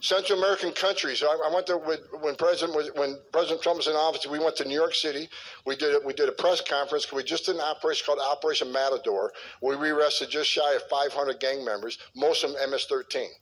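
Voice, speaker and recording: A blunt, heated middle-aged man with a slightly raised pitch talks in a forceful way, stumbling and repeating himself as he pushes his point. A faint hiss of noise runs under the recording. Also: steady tone, fast, low-quality recording. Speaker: former border enforcement official. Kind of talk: clip of a talk or interview.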